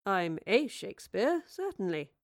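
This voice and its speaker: A woman voicing a pleasant, courtly male Elizabethan playwright who speaks gently, in a storybook reading. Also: mid-range voice, fast talker, lightly acted.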